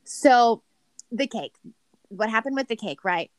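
A woman's voice: a little high, animated, unhurried, no room sound. A woman in casual chat, recapping a reality show with a gossipy, chatty manner full of "like.". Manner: chatty, gossipy, heavy use of "like".

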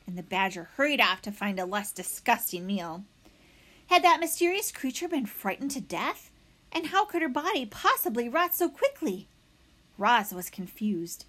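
A woman reading a children's novel aloud as narrator, with expressive storytelling. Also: on the high side.

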